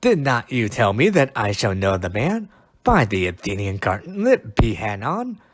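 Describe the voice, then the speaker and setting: A man's voice: fairly low pitch, huge pitch swings, exaggerated voice. A man reading a stumbling fairy sprite. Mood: slow reading. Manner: slow, careful, stumbling over old words. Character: mischievous male fairy sprite, read stiffly. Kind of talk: halting cold reading of verse.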